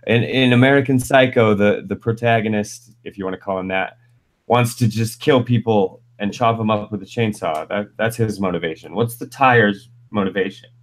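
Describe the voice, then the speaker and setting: A man in casual stream chat, curious and quick to laugh, asking question after question. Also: lowish voice.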